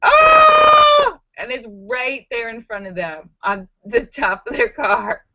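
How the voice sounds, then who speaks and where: Chatty woman host, slow and dry. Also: a little high, no room sound. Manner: chatty, animated storytelling with squealing voiced reactions. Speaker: live stream host. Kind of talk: casual live chat with viewers. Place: home in Los Angeles. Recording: dull lo-fi sound.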